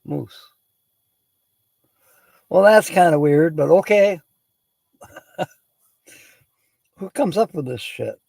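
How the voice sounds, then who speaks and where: Gravelly, dark-voiced man chatting on a livestream. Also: fairly high pitch, expressive, slow pace, pauses often, no echo, poor audio. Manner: chatty, laughs often, greets viewers by name. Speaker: livestream host. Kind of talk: casual chat, reading word origins aloud.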